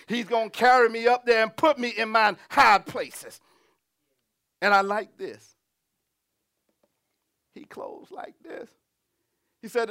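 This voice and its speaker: A man preaching a sermon, reading scripture and building to shouted, humming, laughing exclamations. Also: sits high, creaky, smooth.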